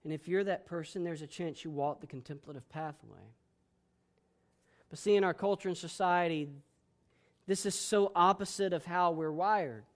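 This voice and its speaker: A man preaching a sermon as pastor, boisterous and emphatic, swinging between loud declarations and hushed, soft passages. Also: high voice, normal speed.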